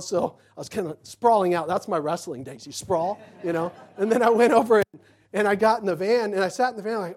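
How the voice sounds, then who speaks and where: A middle-aged man preaching in a relaxed, folksy way, wandering into personal anecdotes. He acts out the other people in his stories as he goes. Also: sits high, fast, husky. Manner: folksy storytelling, acts out quotes. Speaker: pastor.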